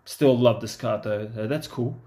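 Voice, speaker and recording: A man's voice: medium pitch, moderate pace, mellow, a little hiss or hum. A man giving casual, chatty commentary to himself as he opens trading card packs. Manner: talks to himself, easygoing and chatty. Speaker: card-opening vlogger.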